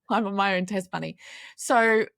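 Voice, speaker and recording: A woman's voice: mid-range voice, gravelly, fairly bright tone, dry recording, studio quality. A woman podcast host chatting in a curious, self-deprecating way and asking her guest questions. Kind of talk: conversational podcast interview.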